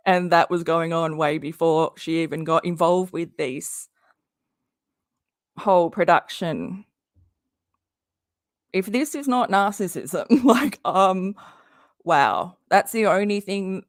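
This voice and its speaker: A woman's voice: on the low side, animated, slow pace, pauses often, no echo, clean studio sound. A woman who is losing her voice hosts a casual livestream from home, chatting, greeting viewers and laughing often. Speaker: livestream host. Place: home under a tin roof in rain.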